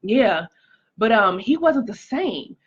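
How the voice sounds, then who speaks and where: A woman's voice: a little high, big pitch swings, slow, husky, highs cut off. Chatty woman giving a live testimony. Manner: chatty, greets viewers by name, frequent "like" and "um". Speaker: livestream host sharing a testimony. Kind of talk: casual live-stream testimony.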